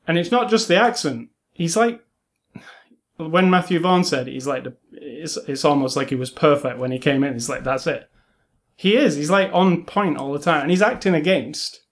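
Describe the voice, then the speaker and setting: A man gushing about a film in a loose, casual chat, his voice sitting a bit high. He rambles, restarts sentences and leans on fillers as his enthusiasm runs ahead of him. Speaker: film podcast co-host.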